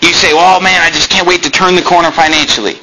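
A man's voice: a little high, steady tone, fast talker, pushed and bright, a little hiss or hum, rough recording. A man preaching a sermon to his congregation, quoting scripture and building fervor. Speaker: pastor.

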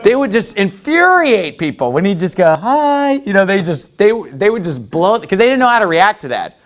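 A man's voice: sits high, sing-song, brisk, fairly bright tone. A man preaching in a loose, conversational way, rambling with many restarts and folksy asides. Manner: rambling, folksy, heavy with "you know" and restarts. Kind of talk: conversational sermon.

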